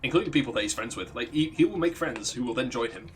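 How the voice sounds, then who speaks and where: A man's voice: medium pitch, expressive, fast talker, faint music behind. A man, a let's play streamer, casually telling a rambling, profane story while gaming and laughing at his own jokes.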